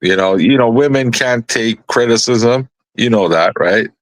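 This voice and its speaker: A man at mid pitch rambling through a swear-filled story for a casual live panel. His voice comes over a dry, close mic with no room sound. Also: unhurried, no room sound. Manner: rambling, profane anecdote telling.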